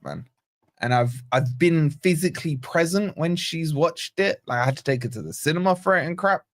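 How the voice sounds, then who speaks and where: A man from Scotland hosting a live football watch-along, animated and nervous, reading out chat messages and gifts. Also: medium pitch. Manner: animated, excitable, reads chat aloud. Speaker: fan channel host.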